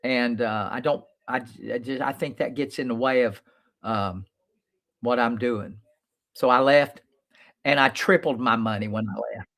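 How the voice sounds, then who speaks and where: Male lawyer-host, mid-pitched voice, blunt and plain-spoken, casual storytelling monologue. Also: measured pace, creaky, a bit bright. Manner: storytelling, reenacts his own past lines.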